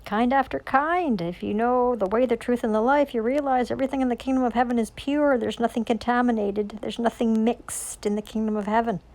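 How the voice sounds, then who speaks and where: A woman's voice: on the high side, steady tone, fairly quick, hardly any pauses, darkish tone. A woman speaking in a rambling, intense monologue about scripture. She swears often and keeps asking rhetorical questions. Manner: intense, profane, preachy with frequent rhetorical questions. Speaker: self-styled religious preacher.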